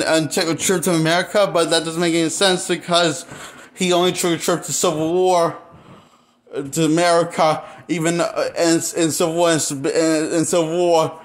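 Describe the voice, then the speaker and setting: A man giving an unscripted movie review, rambling and halting, with many fillers and restarts. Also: on the high side. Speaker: movie critic.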